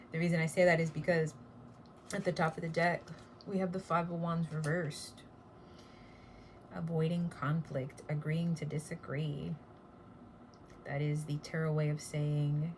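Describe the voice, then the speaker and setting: A woman's voice: deep voice, steady tone, a little slow, long pauses, slight background noise. A woman giving a casual tarot reading, blunt and chatty, with casual swearing. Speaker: tarot reader.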